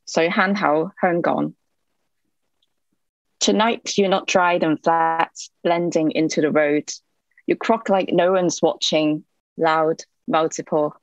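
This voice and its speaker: A low-voiced poet from Hong Kong reads poetry in a measured recital, giving short spoken introductions between poems where she hesitates with "um" fillers. The audio is poor and has no room sound.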